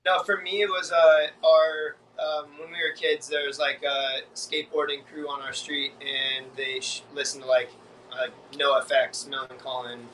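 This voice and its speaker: A man's voice: on the high side, level tone, unhurried, fairly bright tone. Joking man on a distant video call. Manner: joking, rambling with fillers. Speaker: band drummer. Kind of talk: casual video interview. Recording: distant mic with faint noise.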